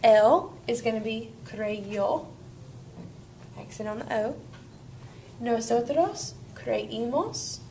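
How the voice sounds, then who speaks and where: A woman teacher leads a grammar lesson step by step, upbeat and encouraging. Her voice sits a little high, with a gravelly fry at the ends of her phrases. A faint background noise runs under the recording. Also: takes it slowly, pauses often, mellow. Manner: upbeat, walks students through steps. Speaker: Spanish teacher.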